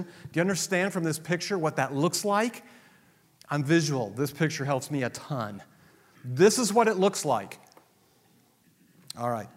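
Male pastor, sermon, emphatic, fairly high voice, long hall reverb. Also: expressive, normal speed. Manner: emphatic, swings from loud declarations to low asides.

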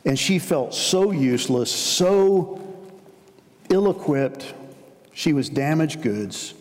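A man's voice: fairly high pitch, expressive, slow pace. A man preaching a sermon as a pastor, telling stories in a conversational way. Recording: long hall reverb.

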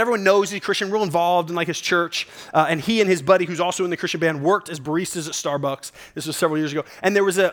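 A pastor delivers his sermon in a relaxed, conversational way. His voice sits a little higher than most men's. He tells stories and presses his listeners emphatically and directly. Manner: casual, conversational preaching with storytelling.

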